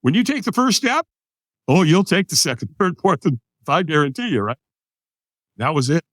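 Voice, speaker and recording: A man's voice: on the high side, very animated, normal speed, a bit bright, dry recording. A man in his sixties, a podcast guest from the United States, telling a personal story with vivid energy and acting out the other people in it. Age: 60s. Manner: vivid storyteller who acts out quoted voices.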